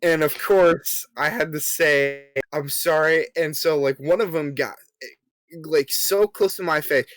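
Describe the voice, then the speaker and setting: A man's voice: on the high side, fairly even intonation, unhurried, a bit bright, no room sound. A young man co-hosting a podcast, telling a story in casual chat with lots of ums and acting out the quoted lines. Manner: filler-heavy, polite, acts out quoted lines. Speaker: podcast co-host.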